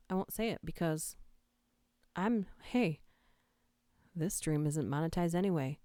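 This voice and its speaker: A woman's voice: sits low, unhurried, darkish tone, clear, resonant tone, dry recording, clean studio sound. A woman hosting a casual livestream from home, chatting and giggling, with a slightly stuffy nose from allergies. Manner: giggly, chatty, whispers the creepy lines. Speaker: livestream host. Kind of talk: casual livestream chat, reading creepy lines aloud. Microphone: close microphone.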